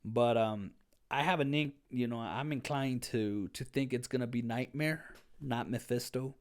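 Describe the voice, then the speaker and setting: A man giving a casual, excitable review of a TV episode, rambling and slangy, often saying "dude". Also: mid-range voice, measured pace. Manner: excitable, with many restarts.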